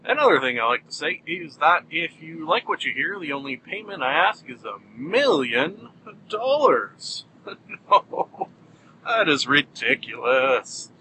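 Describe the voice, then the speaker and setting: Male podcast host, solo monologue, self-mocking, mock-outraged outbursts, crisp bright tone. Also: on the high side, very animated, measured pace, slight background noise, poor audio.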